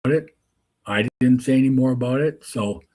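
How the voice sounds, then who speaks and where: A man who works as a softball umpire, telling a rambling anecdote full of restarts and asides. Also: mid-range voice, normal speed. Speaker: softball umpire and show host. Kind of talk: casual storytelling.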